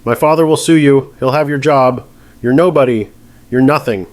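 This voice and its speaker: A man's voice: lowish voice, fairly even intonation, normal speed, no echo, lightly acted. A man voicing a spoiled, entitled rich young woman who screams defiantly in a courtroom story. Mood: furious screaming.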